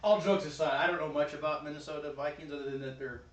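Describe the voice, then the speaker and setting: An easygoing man on a casual livestream who laughs often, his voice a touch high for a man. He sits away from the mic in a roomy, echoing room. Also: steady tone, quick pace, a bit bright, recorded from a distance, slight background noise. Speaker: homebrewing show co-host.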